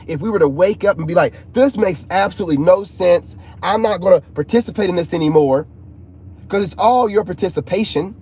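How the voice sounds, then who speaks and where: A man talking to his viewers in a casual, rambling monologue, restless and animated, often repeating himself. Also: fairly high pitch, slightly rough. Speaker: YouTuber.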